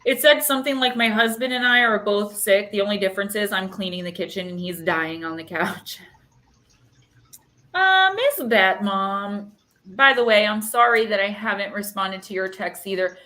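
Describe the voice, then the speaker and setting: This intuitive card reader, a woman in her thirties, chats and rambles emotionally through live-stream readings, using plenty of fillers, in an echoey room. Her mid-range voice is animated, bright and forceful, at a moderate pace.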